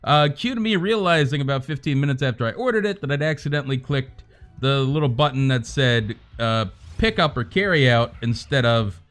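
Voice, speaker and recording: A man's voice: medium pitch, expressive, brisk, fairly bright tone, faint music behind. A man chatting casually on a livestream, rambling, swearing freely and joking as he rants to his viewers.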